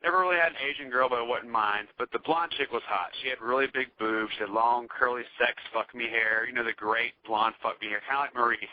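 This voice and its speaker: A man's voice: mid-range voice, fairly even intonation, a little fast, few pauses. A man with a Southern US accent from North Carolina, rambling through a profane story as a podcast guest. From Charlotte, North Carolina. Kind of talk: casual storytelling chat. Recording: dull, dry podcast audio.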